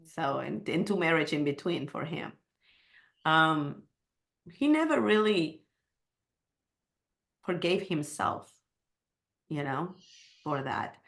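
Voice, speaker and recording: Low-voiced middle-aged woman telling her story. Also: expressive, slow pace, gravelly, pauses often, a bit bright. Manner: candid and emotional, with non-native grammar slips. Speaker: guest. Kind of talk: personal storytelling in conversation.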